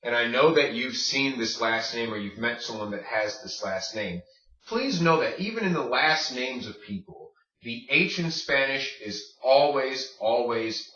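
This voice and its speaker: Bright man teaching from across an echoey room. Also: medium pitch. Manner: drills words slowly, asks "okay?" often. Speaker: Spanish teacher. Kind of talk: video lesson. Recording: distant, dull, echoey room mic.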